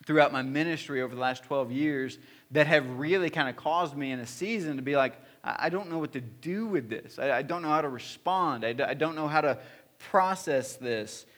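A man's voice: fairly high pitch, moderate pace, a bit bright. A man in his thirties, a pastor, preaching in an earnest, personal storytelling way with frequent restarts and fillers. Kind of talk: sermon storytelling. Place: church hall.

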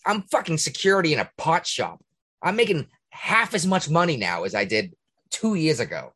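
A man hosting a podcast, ranting in casual talk, profane and indignant, with a husky voice. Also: a little high, very animated, normal speed, pushed and bright. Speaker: podcast host. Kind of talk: heated casual rant.

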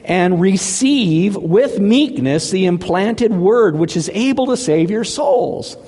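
A male pastor preaching a sermon, animated, often checking in with his congregation by asking "okay?". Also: high-pitched, takes it slowly, big-room sound. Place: church sanctuary.

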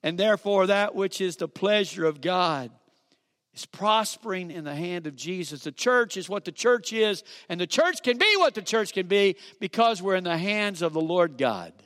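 A man preaching a sermon, calling for amens and dropping from loud to hushed. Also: sits high, animated, normal speed. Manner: preaching with call-and-response, dramatic swings from loud to hushed. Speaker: pastor. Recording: long reverb of a church hall.

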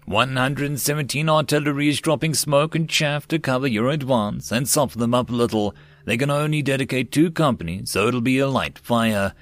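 A man's voice: medium pitch, normal speed, hardly any pauses, fairly bright tone, no room sound, natural voice. A man voicing a nervous, newly made male AI battle assistant that pleads and squeals at his boss in an audiobook. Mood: briefing.

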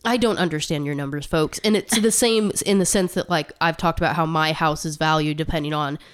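A woman's voice: deep voice, fairly quick, clear, resonant tone. A woman co-hosting a podcast, chatting casually and reading out statistics with asides, a little short of breath. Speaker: podcast co-host. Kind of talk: casual chat.

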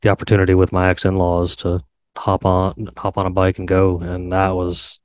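A man's voice: low-pitched, monotone, moderate pace, darkish tone, a little hiss or hum. A male co-host chatting casually on a podcast, rambling with fillers and restarts. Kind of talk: casual chat.

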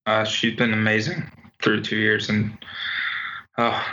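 Bright-voiced young man hosting sports talk. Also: on the low side, level tone, unhurried. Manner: leads segments, joking, many ums. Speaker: podcast co-host. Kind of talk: casual sports chat. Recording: dull lo-fi home recording over call.

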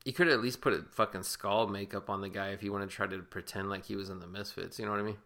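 A man's voice: on the low side, fairly even intonation, quick pace, pushed and bright. A man co-hosting a casual movie commentary podcast, rambling and swearing loosely with lots of fillers. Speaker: podcast co-host.

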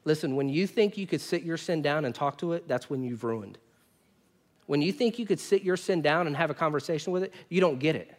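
A male pastor preaching a sermon, with animated storytelling that swings between loud bursts and quiet asides. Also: on the high side, fairly quick.

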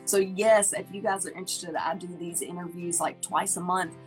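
A woman's voice: on the low side, steady tone, moderate pace, soft background music. A woman hosting an interview, effusive and enthusiastic, who often repeats her praise. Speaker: interview host, singer-songwriter. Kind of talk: casual interview chat.

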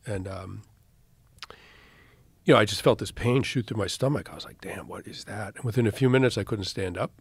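A man's voice: fairly low pitch, a little fast, pauses often, husky, no room sound. A man speaking as a podcast guest, recounting events steadily with frequent fillers. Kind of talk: casual interview talk.

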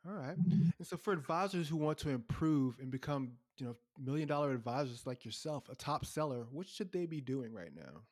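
A man hosts an interview podcast, putting his questions across in a relaxed, conversational way. His voice sits at an average pitch for a man. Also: brisk. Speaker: podcast host.

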